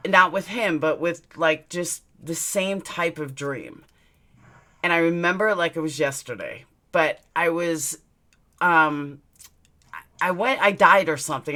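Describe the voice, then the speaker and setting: Low-voiced, forceful woman streamer. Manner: candid, blunt, swears freely; rambling personal storytelling. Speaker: live stream host. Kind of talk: casual live-stream chat. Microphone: webcam mic, looking into camera.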